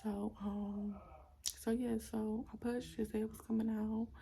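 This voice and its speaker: A young woman vlogger at home, casually telling a personal story in a soft, often half-whispered voice full of "like". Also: on the high side, flat delivery, measured pace, vocal fry. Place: at home with her small children.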